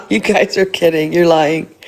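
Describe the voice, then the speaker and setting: Blunt, swearing woman hosting a livestream. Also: deep voice. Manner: blunt, swears freely, asks rhetorical questions. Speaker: livestream host. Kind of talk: casual livestream chat.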